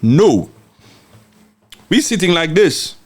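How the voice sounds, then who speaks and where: A man's voice: on the high side, very animated, slow, darkish tone. Congolese guy ranting on a live stream, mocking and fired up, voice jumping all over the place. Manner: fiery, mocking, repeats words for emphasis; reads and answers viewer comments. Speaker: live-stream political commentator. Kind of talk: impassioned ranting commentary.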